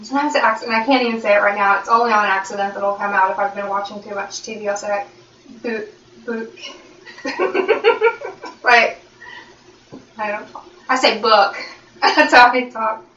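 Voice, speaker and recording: An American woman co-hosting a podcast, talking in a quick, playful, chatty way. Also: mid-range voice, fairly even intonation, bright, forceful tone, a little hiss or hum. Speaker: podcast co-host. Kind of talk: casual chat. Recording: echoey, distant, dull room mic.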